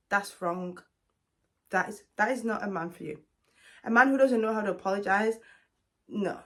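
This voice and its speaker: A woman vlogger giving blunt, emphatic relationship advice to the camera, calling the listener honey. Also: mid-range voice. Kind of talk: direct advice talk to camera.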